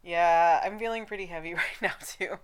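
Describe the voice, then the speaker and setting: A woman co-hosting a casual podcast chat, giggly and laughing often, audibly high. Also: moderate pace, clean tone. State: high on cannabis. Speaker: podcast co-host.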